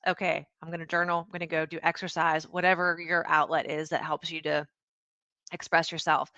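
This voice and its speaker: Bright-voiced woman, lively podcast guest. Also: sits low, a little fast, no echo, highs cut off. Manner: animated, acts out quoted dialogue. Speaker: podcast guest, founder and CEO. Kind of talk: casual interview conversation.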